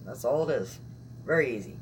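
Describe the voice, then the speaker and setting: A woman's voice: very deep voice, lively intonation, brisk, background noise. A young woman vlogger chatting casually on a live stream, rambling and laughing often.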